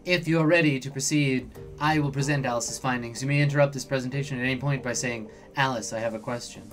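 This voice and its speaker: A man reads as a rigid, artificial stand-in for a woman hacker in a cyberpunk game. The delivery is formal and precise, at an everyday pitch, with faint music behind it. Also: fairly even intonation, fast talker, a bit bright, natural voice.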